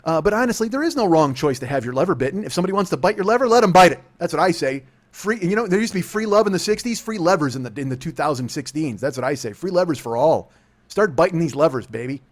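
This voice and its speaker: A podcast host in his forties runs a comedy show, ranting in a rambling, profane style and laughing through his own bits. His voice is a little high, expressive and fast.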